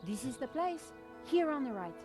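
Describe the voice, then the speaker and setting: A woman's voice: sits high, very animated, moderate pace, a little mellow, faint music behind. An actress voicing a poised young French woman investigator, direct and polite, with a French accent.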